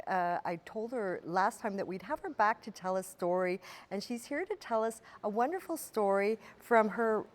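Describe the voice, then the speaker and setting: A woman hosting a local TV show, relaxed and casual, with frequent fillers. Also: fairly high pitch. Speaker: TV show host. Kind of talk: casual TV interview.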